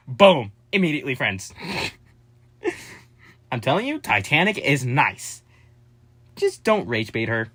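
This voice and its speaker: A man rambling to his viewers in a casual vlog, addressing them constantly and hopping between subjects. His pitch swings up and down animatedly, and his delivery stays scattered and playful. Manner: excitable and scattered, jumping between topics; addresses viewers as "guys", quick asides and joking. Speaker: vlogger.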